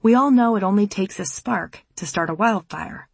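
A woman reads her audiobook with a slightly husky, breathy tone in a measured, reflective way. The recording is close and dry, with no room sound around the voice. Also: mid-range voice, dry recording. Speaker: audiobook narrator and mother. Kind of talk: scripted audiobook narration.

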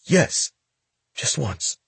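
A man's voice: very slow, a bit bright, no echo. A man voicing a scared, bloodied teenage boy who stammers and talks nervously in an audiobook. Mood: hesitant.

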